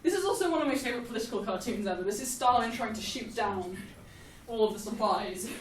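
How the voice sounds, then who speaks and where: Animated young woman explaining history. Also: on the high side, fast, recorded from a distance. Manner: animated, joking, laughs often. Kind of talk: casual jokey history lesson. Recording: echoey room, off-mic, faint hiss.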